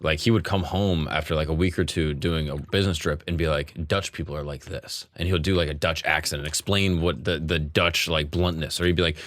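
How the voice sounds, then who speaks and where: A man's voice: extremely low pitch, steady tone, a little fast, few pauses, fairly bright tone, no room sound. A male podcast host, enthusiastic and casual, swearing now and then.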